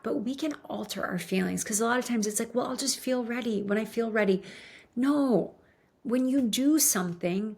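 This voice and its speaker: A woman's voice: medium pitch, creaky, a little mellow. A woman giving an earnest motivational talk, coaching her listeners and often checking in with "right?". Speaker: motivational speaker.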